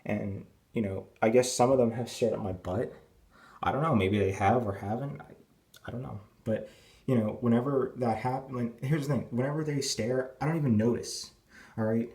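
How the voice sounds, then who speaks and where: A man's voice: medium pitch, normal speed, mellow. A man in his twenties ranting at home, crude and rambling, full of fillers, keeping his voice down early in the morning. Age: 20s. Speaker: vlogger. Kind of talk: rambling rant to camera. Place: at home indoors.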